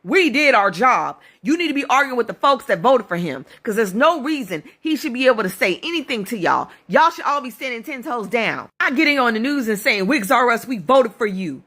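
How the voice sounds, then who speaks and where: Blunt, bright-voiced woman scolding. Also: a little high, sing-song, fairly quick, hardly any pauses. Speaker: social media commenter. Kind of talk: casual reaction video rant.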